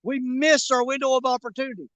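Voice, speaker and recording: A man's voice: very high-pitched, steady tone, fast talker, fairly bright tone, dry recording. A man hosting his fishing channel, chatting casually and jokingly with his viewers from outdoors by a river. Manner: rambling, folksy, jokey, with frequent fillers. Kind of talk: casual live-stream chat to viewers.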